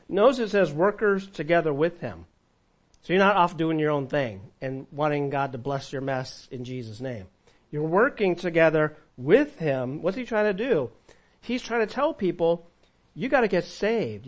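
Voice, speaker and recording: Male pastor, slightly high voice, sermon with call-and-response, big volume swings.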